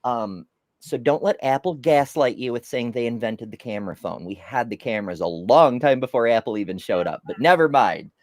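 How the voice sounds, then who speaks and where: A woman's voice: rumbling low, a little fast, no room sound, clean studio sound. A woman hosting a podcast, telling stories in a rambling, casual way and laughing often. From United States. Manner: rambling, animated storyteller with frequent laughs. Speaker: podcast host. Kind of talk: casual chat.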